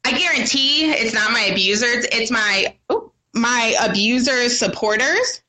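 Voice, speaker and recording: A woman's voice: on the high side, animated, unhurried, sharp tone. A woman talking into her phone on a livestream, agitated and defiant, swearing as she tells her own story. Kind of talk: emotional livestream monologue.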